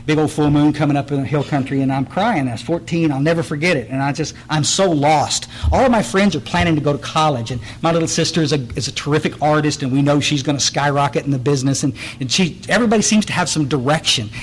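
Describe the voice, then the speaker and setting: A man's voice: on the high side, slight background noise, rough recording. A man, giving a blunt, direct recovery meeting talk full of stories and restarts, speaking in a meeting room.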